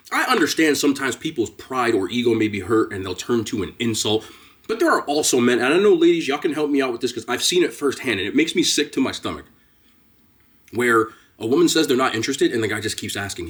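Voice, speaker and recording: Earnest man lecturing his viewers. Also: mid-range voice. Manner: earnest, emphatic, preachy. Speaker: mukbang vlogger. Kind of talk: casual commentary to camera.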